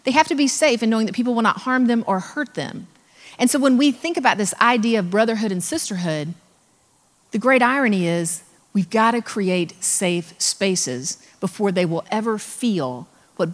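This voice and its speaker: A woman giving a humorous, animated motivational talk as a keynote speaker, acting out voices and joking with the audience. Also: medium pitch. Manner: animated, acts out voices, jokes with the crowd. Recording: long hall reverb.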